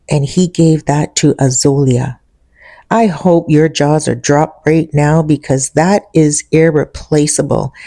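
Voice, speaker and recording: A woman's voice: low-pitched, warm tone, no room sound. A woman telling a story in a chatty way, speaking directly to her listeners. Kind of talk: casual storytime vlog.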